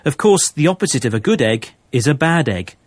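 Man, scripted lesson presenter, expressive, clear explainer, chuckling, dry studio sound. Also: fairly high pitch, brisk, dry recording.

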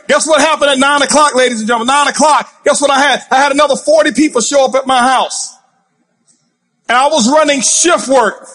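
Man, motivational stage speech, intense, yelling, very high-pitched voice. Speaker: motivational speaker. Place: stage before a live audience.

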